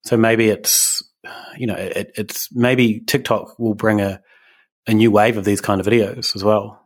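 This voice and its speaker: A man's voice: fairly low pitch, fairly even intonation, measured pace. A man co-hosting a casual podcast chat, rambling and hesitant, with lots of fillers and restarts. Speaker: podcast co-host.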